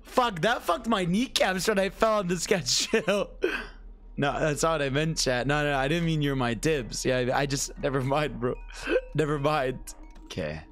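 A man's voice: fairly high pitch, moderate pace, fairly bright tone. A young man streaming a horror game live, talking to his chat, swearing, screaming and laughing at scares. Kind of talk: live gameplay commentary.

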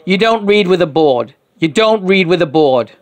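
A woman voicing the channeled spirit of a blunt, profane man, with a gruff, lecturing way of talking. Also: on the low side, animated, normal speed, lightly acted. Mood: stern. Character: blunt, profane British male spirit speaking through a medium.

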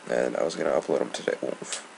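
A man's voice: very deep voice, fairly even intonation, racing, gravelly. A young man giving casual, annoyed gameplay commentary, rambling and swearing. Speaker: gamer. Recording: noisy home recording.

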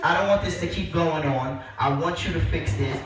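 A man hosting a casual talk show, giving joking advice in an animated way and laughing often. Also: fairly high pitch, normal speed, faint music behind. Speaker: host. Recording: echoey room from far off.

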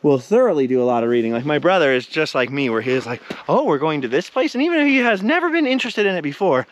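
A man's voice: fairly high pitch, sing-song, quick pace, a little hiss or hum. A middle-aged man, out of breath, chatting in a rambling vlog while hiking outdoors at old ruins. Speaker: vlogger. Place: outdoors at a desert mine ruin.

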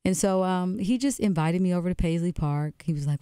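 A woman speaks in a low, smooth and mellow voice, earnest and a little halting as she tells her story. She sits at a dry, close studio microphone. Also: dry recording. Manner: earnest, halting, with many restarts. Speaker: musician guest on radio show. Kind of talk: casual interview storytelling.

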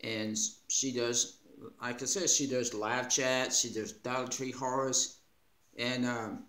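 A man in a casual unboxing vlog, laughing often and talking with gentle, grateful feeling. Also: medium pitch, fairly even intonation. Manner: slow, warm-hearted, laughing often, moved near tears. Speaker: vlogger. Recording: echoey room with faint noise.

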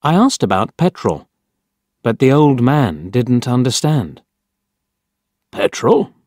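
A man reading a simple story aloud as narrator, clear and deliberate. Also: medium pitch, sing-song, a little mellow, no echo, clean studio sound. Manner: clear, deliberate graded-reader delivery.

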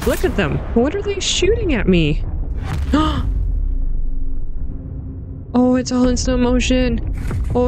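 A woman giving an excitable, panicky let's-play commentary, laughing and gasping as she plays. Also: on the high side, background noise. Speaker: gaming channel host. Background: game music.

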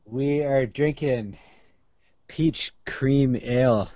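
A Canadian man co-hosting a casual beer podcast, laid-back and unhurried. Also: medium pitch, dark tone, no room sound. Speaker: podcast co-host. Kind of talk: casual chat over beers. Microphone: video call. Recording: dry muffled online call.

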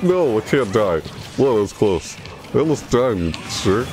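A young man commentating his own gameplay, chatty and excitable, yelping and shrieking high when things go wrong. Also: moderate pace. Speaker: gaming YouTuber. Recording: game music playing behind.

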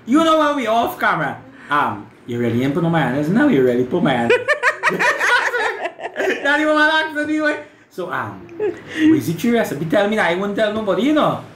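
A man's voice: high-pitched, wildly swooping pitch, normal speed. A man with a Trinidadian accent hosting a home cooking show, teasing and laughing through casual kitchen banter. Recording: echoey room with background noise.

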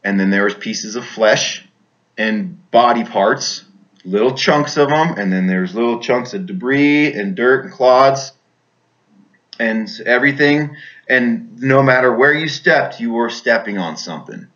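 A man's voice: mid-range voice, lively intonation, unhurried, fairly bright tone. Guy rambling thru his war memories, lots of "you know", dull lo-fi sound. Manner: rambling, repeats words, many fillers. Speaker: veteran telling a war story. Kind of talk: personal storytelling. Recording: dull lo-fi recording.

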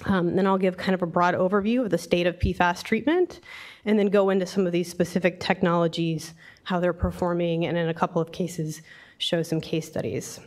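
A woman's voice: fairly low pitch, little pitch movement, a little mellow. A woman engineer giving a technical presentation while getting over a cold, her voice scratchy, with frequent ums. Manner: many filler ums, measured explanatory delivery. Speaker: invited speaker, environmental engineer.

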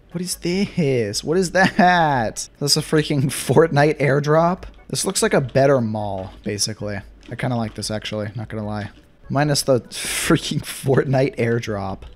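A young man giving casual gameplay commentary, excitable and sarcastic, swinging between mock despair and glee. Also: medium pitch, measured pace. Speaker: gaming YouTuber.

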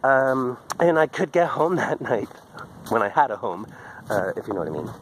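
Strolling outdoors on his daily park walk, a man keeps a candid video journal on a handheld phone, rambling off topic and laughing often. His medium-pitched voice swings widely in pitch at a moderate pace, with a noisy background behind him.

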